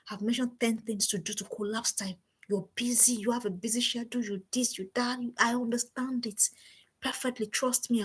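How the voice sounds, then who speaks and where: A woman's voice: fairly high pitch, breathy edge. A middle-aged woman gives an emphatic live-stream parenting talk, repeating her key phrases. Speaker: parenting coach. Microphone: home streaming setup.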